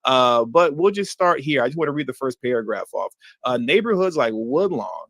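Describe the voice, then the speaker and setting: A man hosting a livestream, reacting to news clips with animated, indignant commentary that slips into slang. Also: mid-range voice, moderate pace, no echo, studio quality. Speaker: livestream host.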